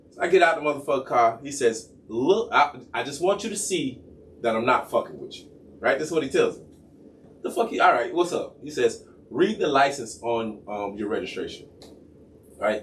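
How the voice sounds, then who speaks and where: A man's voice: mid-range voice, a little fast, distant mic, slight background noise. A man telling a long profane story in casual chat, acting out the voices of each person in it. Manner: animated, profane, acts out both sides of a story. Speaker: podcast co-host.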